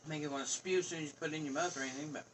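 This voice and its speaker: A woman's voice: low voice, steady tone, very fast. A woman speaking bluntly and unimpressed in casual chat, off to the side of the microphone. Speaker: host's wife. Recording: off-mic with room noise.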